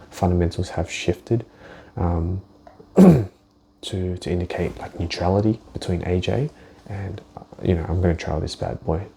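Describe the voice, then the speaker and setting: In this relaxed screen-share, a forex trader walks through the market in a low, mellow, gravelly voice, thinking out loud. His sentences often start over, a curse slips in now and then, and a faint noise hums in the background.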